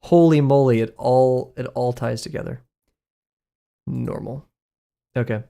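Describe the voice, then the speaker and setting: A man's voice: mid-range voice, unhurried, gravelly, warm tone. A young man with a Southern US accent, thinking aloud in a casual live stream as he draws, rambling and self-deprecating and often chuckling. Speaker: art streamer.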